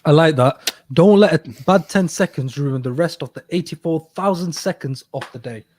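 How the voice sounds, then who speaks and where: A man's voice: on the high side, moderate pace, darkish tone, a little hiss or hum. Easygoing man giving advice. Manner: easygoing and encouraging, with many "uh"s and restarts. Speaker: podcast co-host giving advice. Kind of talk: casual chat.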